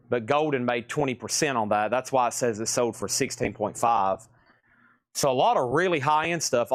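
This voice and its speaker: A man's voice: mid-range voice, no echo, studio quality. A man hosting a live record sale in rambling, self-mocking casual chat, sounding tired and worn out. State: tired and aching. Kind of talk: casual livestream selling chat.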